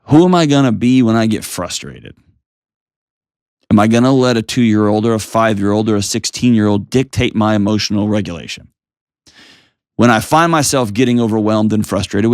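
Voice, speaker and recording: Calm low-voiced American male advice host. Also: no room sound, clean studio sound. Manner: calm, earnest, coaching tone with rhetorical questions. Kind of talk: advice call-in talk.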